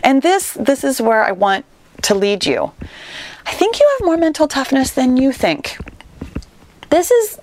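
A woman's voice: a little high, dry recording. A woman hosting a fitness podcast, telling a personal story in an earnest, encouraging way and speaking straight to her listeners. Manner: earnest, encouraging, with quick retellings.

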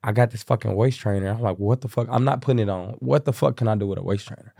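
A young man from Kansas City, a guest telling profane, animated stories and acting out the people in them. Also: on the low side, fast, gravelly, no room sound, clean studio sound. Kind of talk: casual storytelling.

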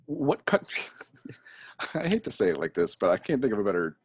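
Lively podcast host with dry sound. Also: low-pitched, moderate pace, slightly rough, no room sound. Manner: laughing, profane, wry banter. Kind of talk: casual chat.

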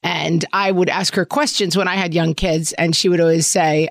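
A woman of fifty co-hosting a podcast, telling stories in a wry, self-mocking, animated way. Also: fairly low pitch, fairly quick, hardly any pauses, no echo, clean studio sound. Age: 50s. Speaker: podcast co-host. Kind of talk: casual chat.

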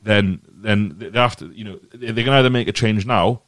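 A man's voice: fairly low pitch, brisk, fairly bright tone, dry recording. A man hosting a football podcast, giving his earnest opinion in a rambling way and often repeating his words. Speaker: podcast host. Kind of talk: casual football podcast chat.

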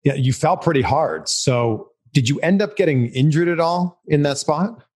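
A man's voice: fairly high pitch, expressive, moderate pace, darkish tone, breathy edge. A man interviewing a wrestler, asking questions in a friendly, conversational way.

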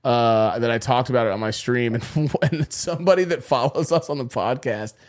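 A man's voice: mid-range voice, moderate pace. Young male co-host, laid-back and profane, casual podcast banter. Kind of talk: casual chat.

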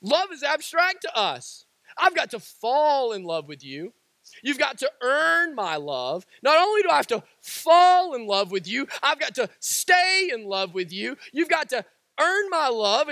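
Guy preaching, really high voice that jumps all over, says stuff twice, dry close mic. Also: no room sound. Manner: repeats lines for emphasis, rises to shouts. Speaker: pastor. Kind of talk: sermon.

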